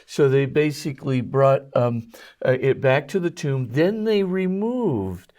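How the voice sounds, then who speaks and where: A man who is a Jesuit priest and scholar, a guest on an interview show, explaining technical details in a halting way full of ums and uhs. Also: mid-range voice, expressive, a little mellow.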